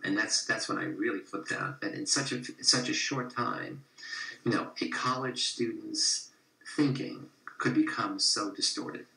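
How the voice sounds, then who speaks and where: An older man telling of a past experiment in an intense, reflective manner. His low voice is gravelly yet bright, with a roomy echo around it. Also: a little slow. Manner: reflective, intense storytelling with lists. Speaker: researcher recalling an experiment. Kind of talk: documentary interview.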